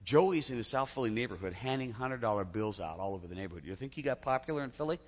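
A man's voice: medium pitch, expressive, fast. Man preaching in a reverberant hall. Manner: conversational storytelling with restarts. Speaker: pastor. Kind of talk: sermon.

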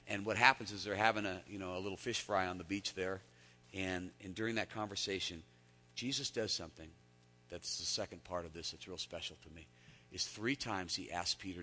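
A male pastor preaching with a low-set but bright, forceful voice. He tells stories conversationally, dropping to near-hushed asides and then climbing to loud, emphatic peaks. His words ring out through the long reverb of a large hall. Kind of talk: sermon.

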